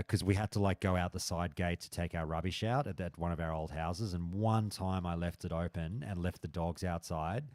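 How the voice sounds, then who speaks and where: Low-voiced man, swearing casually. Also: no echo. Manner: frequent swearing, animated storytelling. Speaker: stream host. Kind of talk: casual chat with live chat.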